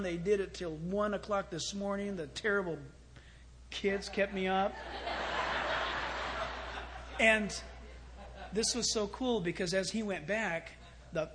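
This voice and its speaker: A man preaching a sermon as pastor, animated, swinging from loud exclamations to hushed storytelling. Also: sits high, slight background noise.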